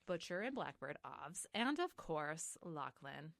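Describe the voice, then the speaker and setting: A woman's voice: sits low, big pitch swings, slow pace, creaky, fairly bright tone, no room sound. A woman co-hosting a casual podcast, recapping a novel and acting out the characters' lines. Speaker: podcast co-host. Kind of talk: casual book recap chat.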